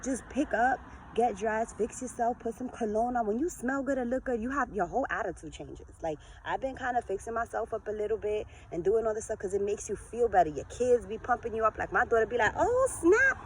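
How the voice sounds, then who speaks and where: A woman in her forties giving an earnest, lively motivational talk to her followers in a vlog. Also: fairly high pitch, brisk, few pauses, a little hiss or hum, rough recording. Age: 40s. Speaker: vlogger.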